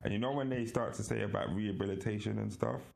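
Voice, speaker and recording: A man, co-hosting a podcast in casual chat and telling animated stories with frequent laughter. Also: on the low side, quick pace, creaky. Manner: animated storytelling, laughs often. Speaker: podcast co-host.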